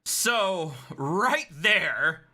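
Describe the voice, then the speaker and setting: A man's voice: sits high, expressive, sharp tone, a little hiss or hum. A man hosting a channel, chatting casually and reading out viewer messages. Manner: quick, chatty, apologetic asides. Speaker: commentary channel host.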